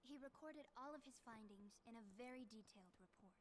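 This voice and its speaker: A gentle young heroine from a video game, speaking softly and earnestly as she explains what she knows, voiced by a woman. Her voice sits a little high. The delivery is calm and sincere. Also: fairly quick, natural voice.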